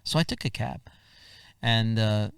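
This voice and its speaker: Gravelly man telling stories off-mic. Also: lowish voice, measured pace, dry recording. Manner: animated anecdotes, keeps saying "bro". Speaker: guest singer-songwriter. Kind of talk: casual storytelling interview. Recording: dry voice, far from the mic.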